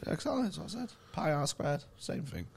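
A man's voice: a little high, sing-song, quick pace, gravelly, breathy edge. A male stand-up comedian, swearing freely as he tells a story in casual podcast chat.

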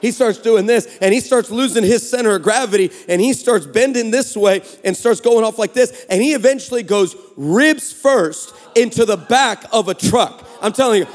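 A man in his forties delivers a comedic sermon, his voice sitting high and lively. He tells his stories with sarcasm and playful energy. The sound rings out through a large church hall with a long echo. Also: moderate pace, hardly any pauses. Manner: animated, sarcastic, joking. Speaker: guest preacher.

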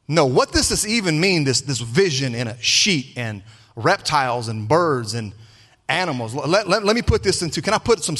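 A man's voice: fairly high pitch, fairly bright tone. A male pastor preaching a sermon, calling for responses from his congregation and repeating himself for emphasis. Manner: preaching with call-and-response, repetitions. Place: church sanctuary with congregation. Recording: long reverb of a large hall.

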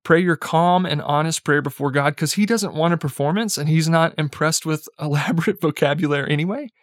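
Young man, preacher, casual sermon, chatty, light chuckles, higher voice, dry close sound. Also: a little fast, no room sound. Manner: conversational, peppered with "like" and "right?"; chuckles lightly while speaking.

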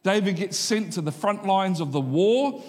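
A man's voice: sits high, lively intonation, normal speed. A man, loose and chatty, with humour and punchy repeated lines. His voice rings out through a church auditorium with a long reverb tail from the hall. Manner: conversational and joking, with repeated punchlines. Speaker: pastor. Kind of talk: sermon.

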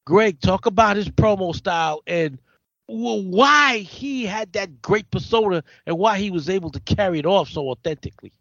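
A man hosting a casual chat, excitable, stammering and repeating himself for emphasis. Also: high-pitched, normal speed, no room sound. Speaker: podcast host. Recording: dull, dry lo-fi recording.

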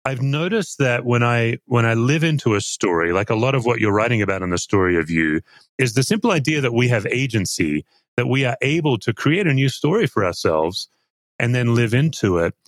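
A man in his fifties hosting an interview, thinking aloud in a reflective, halting way. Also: mid-range voice, lively intonation, no room sound. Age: 50s. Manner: reflective, halting with repeated restarts. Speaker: podcast host. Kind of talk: conversational interview.

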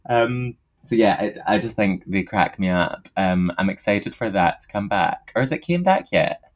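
A man with a somewhat low voice, talking loosely and chattily as a guest. He laughs a lot and swears without a second thought. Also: animated, moderate pace. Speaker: podcast guest. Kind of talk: casual chat.

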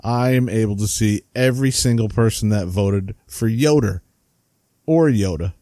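A man with a New Jersey accent chats on a podcast in a relaxed, mellow voice, reading out listener comments and laughing between them. The sound is dry and close. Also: fairly low pitch, normal speed, no room sound. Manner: chatty, laughs while reading names. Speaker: podcast co-host.

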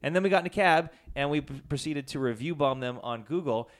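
A man co-hosting a podcast, telling a story in a lively way and acting out the people in it. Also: a little high, brisk. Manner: animated, acts out quoted people. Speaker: podcast co-host. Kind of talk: casual storytelling chat.

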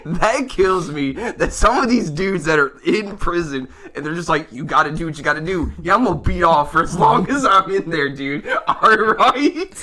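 A young man with a fairly high, bright, forceful voice trading jokes in loose podcast chat. He laughs a lot and swears freely as he riffs with his co-host. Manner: joking banter, laughs often, swears a lot. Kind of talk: casual chat.

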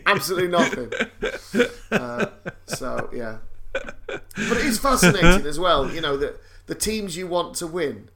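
A man's voice: on the high side, animated, unhurried, a crowd in the background. A man co-hosting a casual chat, wry and self-mocking, often laughing.

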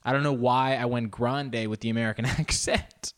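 A man's voice: steady tone, normal speed, a little hiss or hum. A man hosting his solo podcast in a casual, rambling way. He is self-deprecating and uses many fillers and restarts. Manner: pitch jumps up and down a lot. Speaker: podcast host.

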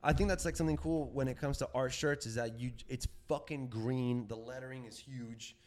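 A man's voice: mid-range voice, steady tone, a little fast, a little mellow. A young man in casual podcast chat, loose and profane, full of fillers and restarts. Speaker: podcast co-host, band member.

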